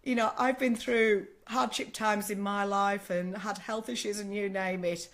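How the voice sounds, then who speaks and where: An older Australian woman, a sleep consultant, answering viewers on a casual live stream. She talks in a chatty, motherly way, calls people "love", keeps checking with "okay?", and her voice is still a little rough after a sore throat. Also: medium pitch, steady tone, a little slow.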